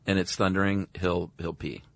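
A man's voice: low voice, flat delivery, normal speed, creaky, no room sound. A man co-hosting a podcast, chatting in an easygoing way with short agreements and fillers. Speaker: podcast co-host. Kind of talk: casual chat.

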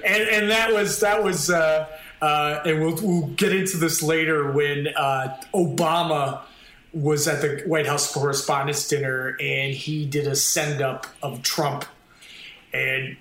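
High, bright-voiced podcast host. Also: male voice, steady tone. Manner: halting, lots of restarts, upbeat. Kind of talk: casual podcast chat. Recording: echoey room.

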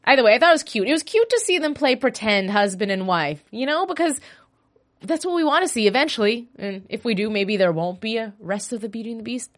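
A woman's voice: a little high, fast talker. Chatty woman hosting a fan podcast. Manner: chatty, animated, gushing. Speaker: solo podcast host. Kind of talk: casual fan after-show chat. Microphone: podcast mic.

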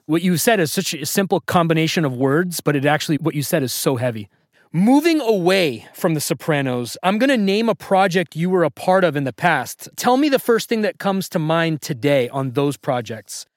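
A man hosts a podcast interview, warmly affirming his guest's answers before moving on to the next question. His voice sits a little high for a man. The audio is dry, with no room sound. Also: animated, normal speed, no echo. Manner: enthusiastic, affirming. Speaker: podcast host.

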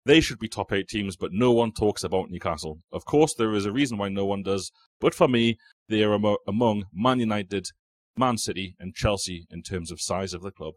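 Quizmaster, male, deep-ish, sweary banter, dead dry studio sound. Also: brisk, few pauses, no echo. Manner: banter, swearing, reading quotes aloud. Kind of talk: casual podcast quiz. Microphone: studio mic.

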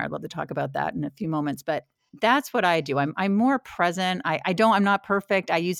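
Gravelly interview host, dry sound. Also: medium pitch, fairly bright tone, dry recording. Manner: personal, reflective. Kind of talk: interview conversation.

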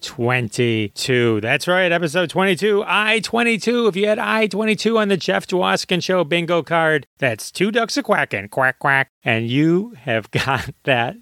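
A man's voice: a little high, animated, measured pace, hardly any pauses, fairly bright tone, no room sound, studio quality. A man hosting a podcast, delivering a playful comic monologue with mock-hype. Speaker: podcast host.

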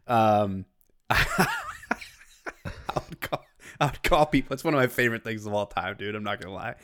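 A man's voice: fairly low pitch, moderate pace. A man who is a former police officer, co-hosting a podcast in casual chat and laughing often as he tells stories. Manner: laughs often, animated storytelling.

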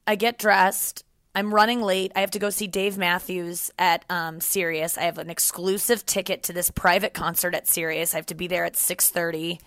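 A woman in her thirties hosts a podcast, telling a story casually and animatedly while acting out other people's voices. Her voice is on the low side and her speed normal, in a dry, clean studio recording.

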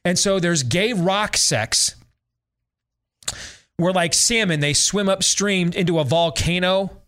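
A man's voice: high-pitched, slow pace, fairly bright tone. A middle-aged man hosting a talk show, giving a sarcastic, exasperated and emphatic rant about a film. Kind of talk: opinionated movie-review rant.

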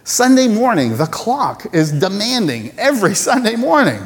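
A male pastor preaching a sermon in a lively, conversational way, poking fun at himself and acting out little voices. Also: high-pitched, normal speed, big-room sound.

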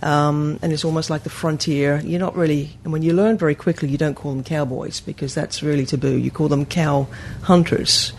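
A woman's voice: low-pitched, steady tone, normal speed, few pauses. Podcast guest lady, chatty, keeps restarting her sentences, faint hiss behind. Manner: chatty, piling up details with restarts. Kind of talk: casual roundtable chat.

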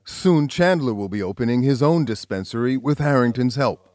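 A man's voice: mid-range voice, no echo. Male news narrator with a dry voice-over. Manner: measured, even reporter delivery. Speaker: news correspondent and host.

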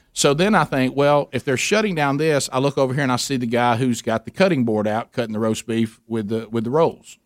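A man's voice: mid-range voice, fairly quick, no room sound, studio quality. An older man chatting as a regular on a talk show, telling a story at length and acting out the people in it. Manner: animated anecdote-telling, acting out quoted people. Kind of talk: casual storytelling chat.

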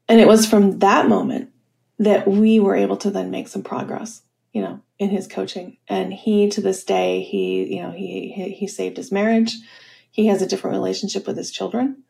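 A woman's voice: medium pitch, flat delivery, moderate pace, creaky, a little mellow. A woman leadership coach telling stories in a podcast interview, with many fillers like "you know" and "um".

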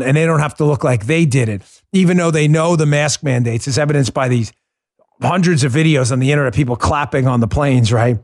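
A man's voice: a little high, a little fast, a little mellow. A man hosting a political podcast, delivering a combative, mocking monologue.

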